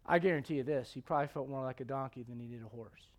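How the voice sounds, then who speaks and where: A man preaching a sermon as pastor, conversational with jokes, swinging from loud emphatic peaks to hushed low passages. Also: fast talker.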